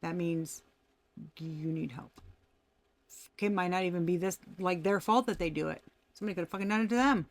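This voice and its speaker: A woman's voice: lowish voice, brisk, long pauses. A woman giving a casual tarot reading, talking animatedly, laughing often and swearing freely. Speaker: tarot reader.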